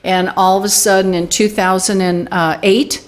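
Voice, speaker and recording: A woman's voice: mid-range voice, level tone, moderate pace. A woman in her sixties, a guest in an interview, telling a personal story with animation and acting out the quoted dialogue. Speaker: guest, UFO group director.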